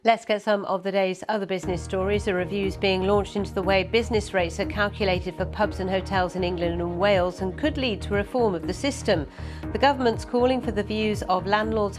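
A woman presenting business news in a measured, crisp delivery. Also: medium pitch.

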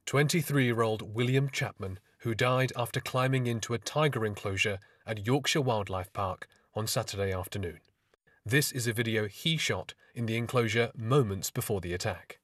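Guy doing a news report, formal and steady, mic a bit far off. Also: fairly low pitch, normal speed, dry recording, studio quality.

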